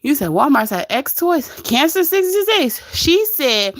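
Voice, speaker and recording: Sing-song and high-pitched, this woman, an adult with grown kids, chats gossip at a measured pace on a casual livestream, laughing a lot and reading viewers' comments out loud. The audio is studio quality with no room sound.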